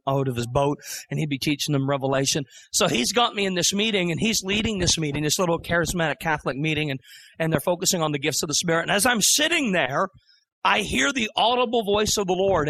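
A middle-aged man preaching his testimony, his voice sitting high for a man. He tells the story with animation and acts out the voices of the people in it. The delivery is a storytelling sermon. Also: a bit bright, a little hiss or hum.

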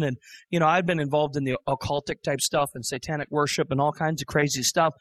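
A middle-aged man preaching his testimony, his voice sitting high for a man. He tells the story with animation and acts out the voices of the people in it. The delivery is a storytelling sermon. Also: steady tone, quick pace, fairly bright tone.

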